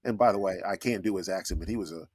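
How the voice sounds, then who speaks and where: Middle-aged male guest, low voice, dry close sound, earnest reflective storyteller. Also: rapid-fire, a little mellow, breathy edge, no echo. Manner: earnest, reflective, with frequent restarts. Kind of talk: conversational storytelling.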